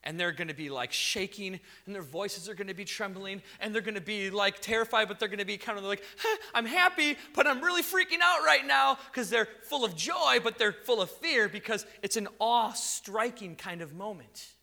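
A man preaching a sermon in a lively, conversational storytelling way. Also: high voice, moderate pace, few pauses. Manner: animated, conversational storytelling with acted quotes. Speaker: pastor.

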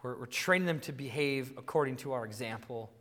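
A man in his thirties preaching a sermon, telling animated stories about his kids and acting out yelling at them. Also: medium pitch, brisk, big-room sound. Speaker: pastor.

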